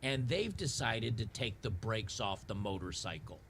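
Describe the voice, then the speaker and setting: Gravelly man ranting over gameplay. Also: lowish voice, sing-song, moderate pace, a bit bright, a little hiss or hum. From Tennessee. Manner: frustrated, repetitive restarts, sarcastic. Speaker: gaming channel host.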